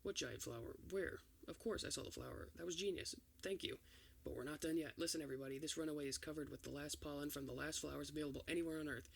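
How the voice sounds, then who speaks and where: Guy reading a whole movie script asmr style, kinda high gravelly voice, same voice for everyone. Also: racing, hardly any pauses. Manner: reads every part in one steady voice with few changes. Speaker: ASMR reader.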